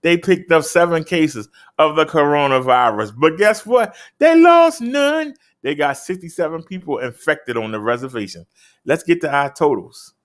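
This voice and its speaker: A man hosting a casual show, reading out daily figures and chatting. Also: normal speed. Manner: emphatic, swoops up high on key numbers. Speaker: host.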